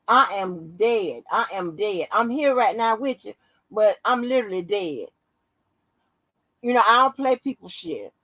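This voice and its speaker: A woman giving casual commentary on her vlog, animated and profane, often breaking into laughter. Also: medium pitch, dry recording, poor audio. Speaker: YouTube commentator.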